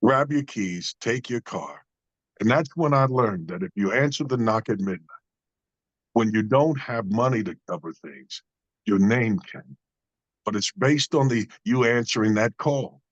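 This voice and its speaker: A man's voice: medium pitch, lively intonation, unhurried, no room sound, dull audio. Male guest, earnest storyteller with sermon-like cadence; dead-dry close recording. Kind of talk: storytelling in a conversation.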